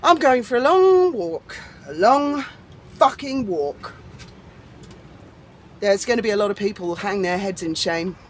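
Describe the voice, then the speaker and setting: A woman's voice: medium pitch, lively intonation, measured pace, long pauses, a little hiss or hum. A woman vlogging an angry, sarcastic rant, swearing freely and mocking people in an indignant tone. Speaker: YouTube commentator. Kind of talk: angry ranting vlog.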